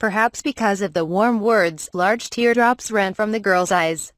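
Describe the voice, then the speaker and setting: A woman reads a web novel aloud in an even, steady narration. Her voice sits in a middle pitch. The recording is close and dry, with no room sound. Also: measured pace, few pauses, no room sound. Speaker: audiobook reader. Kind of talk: reading a translated web novel.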